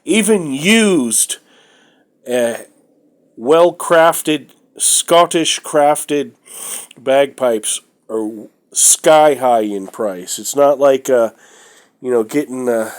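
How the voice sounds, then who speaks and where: In a relaxed show-and-tell vlog, a man with a blocked nose presents his collection at a slow, stretched-out pace in a medium pitch. He meanders, hesitates often, relies on fillers and drops frank opinions, giving it a chatty, homey feel.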